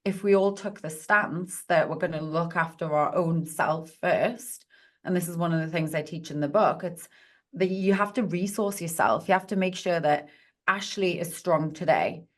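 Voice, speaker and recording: A woman speaking as a podcast guest and positive psychologist, talking in an earnest, encouraging coaching tone. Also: fairly low pitch. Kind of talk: podcast conversation.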